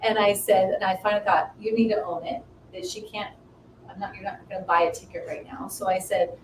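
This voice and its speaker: A woman in her fifties sharing a personal story in casual chat, animated and acting out the dialogue she quotes. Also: a little fast. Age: 50s. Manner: animated, acts out quoted dialogue with rising pitch. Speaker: guest. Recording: echoey room, mic at a distance, faint noise.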